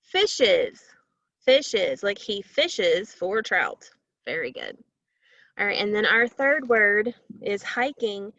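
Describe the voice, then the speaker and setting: A woman teaching a phonics lesson to young children, slowly stretching out sounds and syllables. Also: medium pitch, very animated, fairly bright tone, no room sound, muffled recording.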